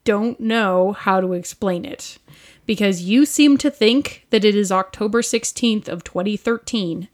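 A woman's voice: medium pitch, unhurried. A woman playing a tabletop role-playing game, laughing often and speaking earnestly in character. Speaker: player.

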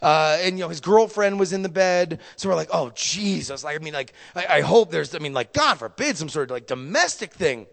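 A young man doing stand-up storytelling, profane and animated, with sudden loud bursts. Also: on the high side, fairly quick, gravelly, few pauses, in a large hall. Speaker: stand-up comedian.

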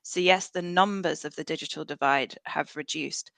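An earnest woman explains her research as a podcast guest, often pausing on "um" and restarting her sentences. Her voice is bright and has a gravelly edge. The sound is dry and close. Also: low-pitched, no echo. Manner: earnest, with frequent fillers and restarts. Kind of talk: podcast interview.

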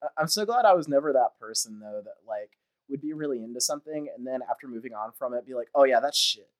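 A man in casual podcast chat with an average-pitched voice. He talks in a low-key way and lets his lines drop into quiet asides, staying relaxed throughout. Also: quick pace, rough recording.

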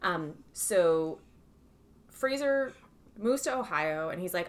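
A young woman co-hosting a casual chat, telling animated stories and laughing often. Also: low voice, measured pace. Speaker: podcast co-host.

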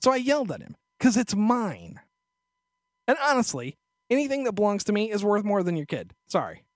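A man's voice: high-pitched, wildly swooping pitch, brisk, no echo. A male podcast host telling a story in a crude, profane, sarcastic rant into a studio microphone. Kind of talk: casual ranting storytelling.

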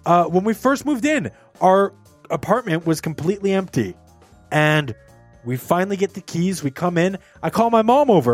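A high-pitched man swings his voice all over the place while telling wild stories on a podcast, cursing as he goes. The sound is dry and close, with faint music underneath. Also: moderate pace, no echo. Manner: animated, swearing, laughing, acting out quotes. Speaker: podcast host. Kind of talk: casual chat storytelling.

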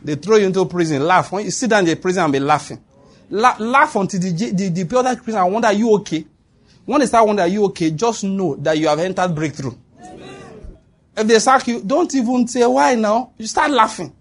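Husky pastor preaching. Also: male voice, high voice, expressive, brisk. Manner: emphatic, repetitive declarations with bursts of laughter. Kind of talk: sermon. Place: church with a congregation answering.

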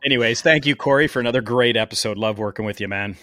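A man's voice: medium pitch, fast, no echo, clean studio sound. A man from Canada hosting a medical podcast, joking and teasing in casual chat. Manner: jokey, animated, teasing. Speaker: podcast host.

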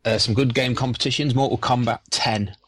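A man co-hosting a podcast, recounting his recent doings in a relaxed, matter-of-fact way. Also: medium pitch, fairly quick. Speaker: podcast co-host. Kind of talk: casual chat.

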